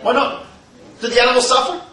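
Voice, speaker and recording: Brief: male lecturer, very high, bright voice, animated with rhetorical questions, recorded from far off in an echoey hall. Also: quick pace. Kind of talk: humorous lecture to a live audience. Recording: echoey hall, distant mic, faint noise.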